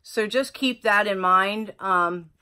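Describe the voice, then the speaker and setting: A woman's voice: mid-range voice, takes it slowly. Gushing woman beauty vlogger. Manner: gushing, excitable, lots of exclamations. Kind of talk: casual unboxing chat.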